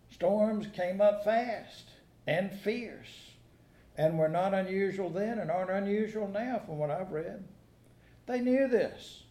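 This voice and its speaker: In an echoey church sanctuary, a man preaching as pastor tells folksy stories laced with dry humor and asks his congregation rhetorical questions. He has a high voice with a dark tone.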